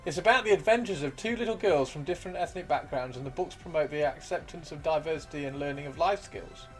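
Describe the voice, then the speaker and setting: A man's voice: a little high, fast. A man streaming live, chatting casually and joking as he reads out viewer messages, his throat a bit worn from talking. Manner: chatty, joking, self-mocking. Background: faint video game music.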